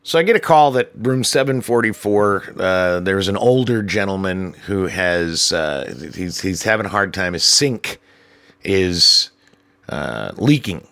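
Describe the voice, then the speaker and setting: A man casually telling work stories from a hotel job, animated and profane, jumping his voice up when he acts out the people involved. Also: a little slow, vocal fry, smooth, no room sound. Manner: animated, acts out dialogue with raised pitch, profane. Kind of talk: casual storytelling.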